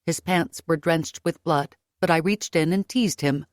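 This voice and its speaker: Woman audiobook narrator, lower voice, dry close recording, first-person storytelling. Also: unhurried, no room sound. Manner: lively, raising pitch for her own character's dialogue.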